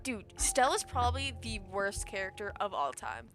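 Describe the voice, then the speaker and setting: Woman streamer playing a story game, bright voice, jokey and self-deprecating, bit of music under. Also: mid-range voice, very animated, moderate pace. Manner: chatty, self-deprecating, joking. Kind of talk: casual let's-play commentary and reading aloud.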